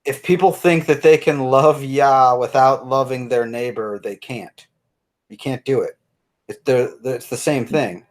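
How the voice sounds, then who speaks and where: A man's voice: mid-range voice, unhurried. A man appearing as a guest, reflectively discussing his faith and repeating words as he searches for them.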